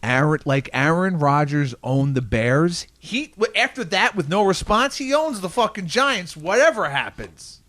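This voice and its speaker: A man's voice: a little high, sing-song, measured pace, few pauses, fairly bright tone, dry recording, clean studio sound. A man co-hosting a radio talk show, blunt and profane in casual sports banter. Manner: blunt and profane, jumpy delivery.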